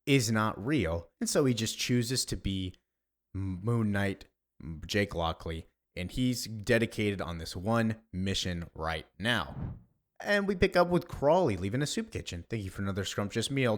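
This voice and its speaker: A man casually narrating a comic book, adding chatty asides between the characters' lines. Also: lowish voice. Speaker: comic reader, voice-over creator.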